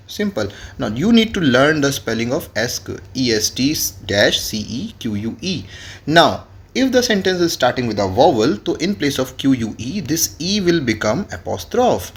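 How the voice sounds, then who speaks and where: A man's voice: medium pitch, big pitch swings, moderate pace. A man, teaching French grammar in a classroom lesson and spelling words out letter by letter. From India.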